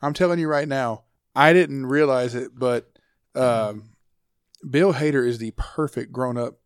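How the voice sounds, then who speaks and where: A man's voice: mid-range voice, a little slow, smooth, dry recording. Man chatting casually, dry close sound. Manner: hesitant, self-correcting. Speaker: podcast co-host. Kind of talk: casual chat.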